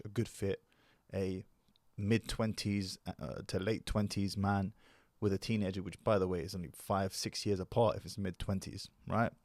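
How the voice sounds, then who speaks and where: Measured man lecturing into the mic. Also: on the low side, no room sound. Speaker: commentary channel host. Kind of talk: commentary video monologue.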